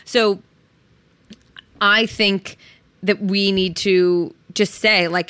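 A woman's voice: mid-range voice, steady tone, drawn-out words, pauses often, pushed and bright, clean tone, dry recording. A young woman hosting a solo podcast, talking frankly and reflectively about her own feelings, swearing casually as she goes. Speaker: podcast host. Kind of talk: solo podcast, candid personal talk.

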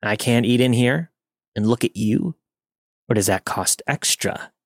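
A man's voice: mid-range voice, measured pace, no room sound. A man reading the lines of a pushy, leering middle-aged male trucker with a Southern drawl, in a dry close recording. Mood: mocking. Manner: leering, drawling, turns crude and aggressive.

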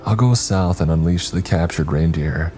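A practical winged fae woman lays out a plan briskly, as a man reads her part. The voice stays low and mellow beneath a light lift, in a dark fantasy storybook. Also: soft background music, natural voice.

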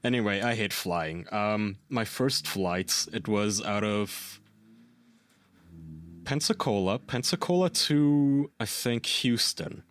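A man's voice: fairly low pitch, takes it slowly, dry recording. Podcast guy telling a story, voice bouncing all over, cusses a lot, dry close sound. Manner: animated storyteller, swears freely, laughs at own stories. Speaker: podcast co-host. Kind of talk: casual podcast chat. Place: lives in Germany.

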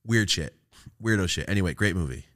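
A young Californian podcast host with a low-pitched voice talks briskly in casual chat. He tells stories animatedly, laughs a lot and cusses constantly.

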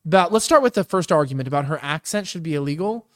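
A man with a notably high voice hosts a casual livestream after-show. He rambles, trails off into fillers and cracks loose jokes as he goes. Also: lively intonation, fast, a bit bright. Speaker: host.

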